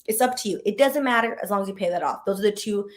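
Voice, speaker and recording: A woman with a mid-range voice talks through money advice in a loose, chatty way. She is candid and pokes fun at herself, repeats key words for emphasis and makes quick asides to her viewers. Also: mid-range voice. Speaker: former lawyer and channel host. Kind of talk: casual personal-finance advice chat.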